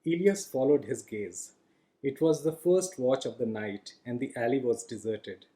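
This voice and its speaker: Mellow-voiced man reading a story. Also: medium pitch, a little slow, poor audio. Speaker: author reading his own book. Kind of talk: audiobook narration.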